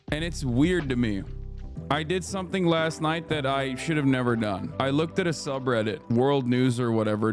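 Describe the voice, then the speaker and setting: A man talks straight to his livestream audience in a loose, swearing rant, his pitch climbing as he gets worked up. His voice sits at an ordinary middle pitch. Faint music plays softly behind him. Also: no echo, clean studio sound. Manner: heated, profane, emphatic. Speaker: streamer. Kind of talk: casual political livestream rant.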